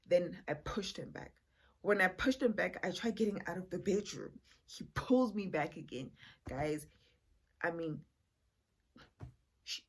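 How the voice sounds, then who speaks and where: A woman's voice: medium pitch, breathy edge. A woman, chatting to her viewers in a casual storytime vlog. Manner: chatty, addresses viewers as "guys", many fillers. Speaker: vlogger.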